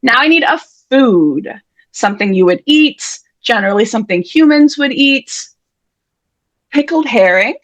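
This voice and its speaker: A woman's voice: on the high side, lively intonation, unhurried, dry recording, highs cut off. Chatty woman hosting a word game. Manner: chatty, playful, self-deprecating. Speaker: host and emcee of an online writers' event. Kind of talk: casual live-stream game hosting.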